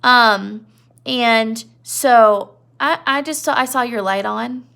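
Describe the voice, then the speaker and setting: A high, eager, childlike voice of a big simple-minded man, as a woman puts him on. He stammers and halts with a gravelly edge, lonely and wanting to please. The tone is bright and keen. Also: exaggerated voice. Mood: eager, pleading. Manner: stammering, halting, pleading.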